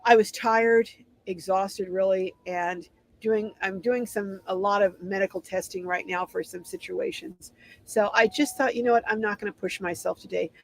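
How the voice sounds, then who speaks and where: A woman's voice: medium pitch, steady tone, normal speed, rough recording. A middle-aged woman hosting a casual livestream, reading viewer comments aloud and answering them in a chatty way. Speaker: live stream host.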